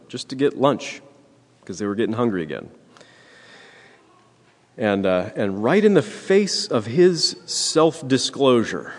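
A man preaching a sermon, earnest and emphatic, repeating his points and clearing his throat often. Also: medium pitch, in a large hall. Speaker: pastor.

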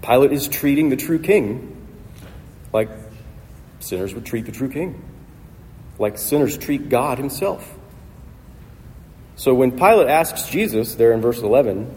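A man's voice: medium pitch, expressive, unhurried, long pauses, a little mellow. A male pastor preaching a sermon with emphatic, repetitive rhetorical phrasing, recorded in a church hall. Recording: long hall reverb, faint noise.

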